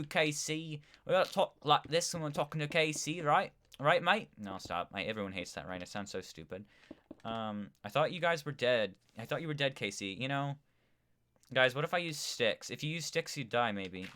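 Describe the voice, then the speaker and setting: A man's voice: lowish voice, sharp tone, slight background noise. A man live-streaming a game in a casual, rambling way, reading viewer chat aloud as he plays. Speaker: gaming streamer.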